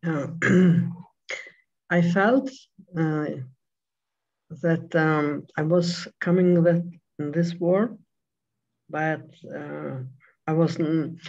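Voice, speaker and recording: A student hesitantly asking the teacher a question in class, pausing with many fillers. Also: medium pitch, fairly even intonation, darkish tone, highs cut off.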